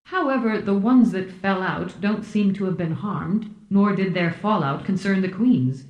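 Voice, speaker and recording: A man's voice: high-pitched, measured pace, a little mellow, muffled recording. A woman reading an audiobook voices a formal, deferential male officer aboard a starship. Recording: roomy echo.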